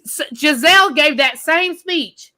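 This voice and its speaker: A woman's voice: high voice, a little slow, bright, forceful tone. A woman panelist giving blunt, emphatic opinions with slang in a casual chat.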